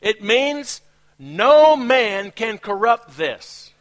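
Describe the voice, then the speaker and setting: A male pastor with a non-native English accent preaches with lots of energy. His voice sits high and swings up and down, and he breaks into laughs between points. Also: extremely slow. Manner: animated preaching with laughs and asides. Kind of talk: sermon.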